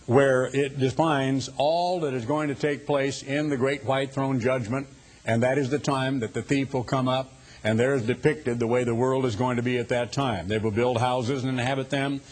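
An older man giving a sermon, speaking deliberately and slowing down to stress key words. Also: medium pitch, fairly even intonation. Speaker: preacher.

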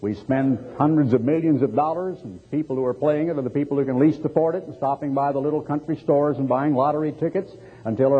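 A man's voice: mid-range voice, slightly rough. A man preaching an impassioned, emphatic sermon before a live audience. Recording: tinny lo-fi recording with long hall reverb.

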